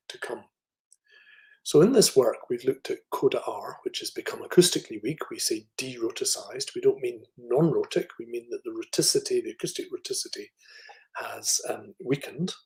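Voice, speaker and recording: A middle-aged Scottish man with an educated, middle-class accent works through a phonetics talk. He speaks at a mid pitch, thinks aloud with fillers and restarts, and sounds out sample words as he goes. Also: a little mellow, low-quality recording. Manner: thoughtful, with fillers and restarts, demonstrating speech sounds. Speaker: phonetics professor giving a lecture. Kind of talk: academic online lecture.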